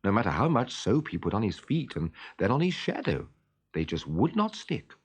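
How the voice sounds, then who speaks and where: A man reading a children's story aloud with expressive, lively narration. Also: lowish voice, normal speed, breathy edge.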